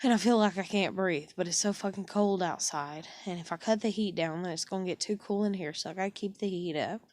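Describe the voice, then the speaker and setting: A woman's voice: fairly low pitch, fairly quick, a little mellow, dry recording. A woman in her thirties, a stressed and exhausted single parent, venting in a casual, profane monologue at home with heavy sighs. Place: indoors at home.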